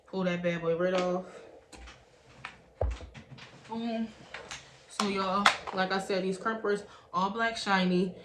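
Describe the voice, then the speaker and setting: Young woman vlogger, slow and chatty, faint hiss behind her. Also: medium pitch. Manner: chatty, keeps addressing viewers as "y'all". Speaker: beauty vlogger reviewing a product. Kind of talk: casual unboxing review. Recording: echoey room with faint background hiss.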